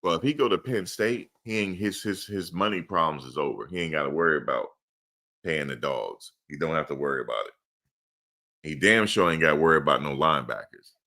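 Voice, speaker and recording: A man's voice: rumbling low, animated, fairly quick, bright, forceful tone. A man hosting a live sports stream, answering chat with emphatic, repeated rhetorical questions. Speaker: livestream host.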